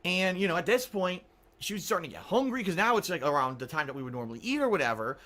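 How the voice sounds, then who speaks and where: A man's voice: high voice, lively intonation, quick pace, bright, forceful tone. A man hosting a radio show, telling a story in a sarcastic, exasperated way, cursing freely and firing rhetorical questions at listeners. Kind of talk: casual storytelling. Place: small studio.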